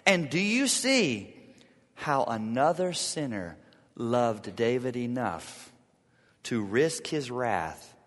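Dramatic preacher with big swings in a hall. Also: male voice, medium pitch, very animated, slow pace. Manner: dramatic swings from loud to hushed. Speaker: pastor. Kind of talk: sermon.

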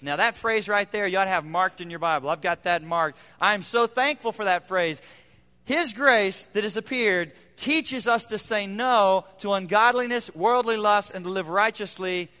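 A man's voice: high-pitched, moderate pace, bright, forceful tone, clean tone, long reverb tail. A man preaching a sermon as pastor, emphatic and repeating phrases for effect. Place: church sanctuary.

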